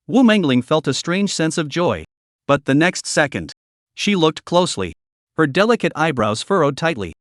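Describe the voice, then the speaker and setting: A man tells a comic recap in scripted, dramatic storytelling. His voice sits somewhat high and swings widely in pitch. The recording is dry and close, with no room sound. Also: big pitch swings, moderate pace, no echo. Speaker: narrator.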